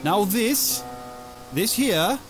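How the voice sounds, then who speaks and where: An actor playing an unhinged male doctor in a horror video game, speaking in a slow, deliberate, ominous way. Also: high-pitched, lively intonation, soft background music, full character voice. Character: blood-covered male doctor, unhinged and menacing.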